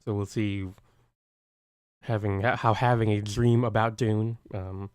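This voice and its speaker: A man's voice: lowish voice, level tone, measured pace, smooth, dry recording, studio quality. A man co-hosting a stream, chatting casually with hesitant, rambling restarts and frequent laughs. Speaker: stream co-host.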